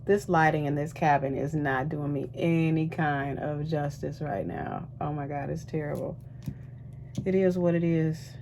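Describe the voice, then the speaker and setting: A woman's voice: low voice, measured pace, slight background noise. Chatty woman vlogging from a ship cabin. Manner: chatty, animated, lots of asides to viewers. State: out of breath. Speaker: cruise ship singer and vlogger. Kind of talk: casual vlog chat while doing makeup.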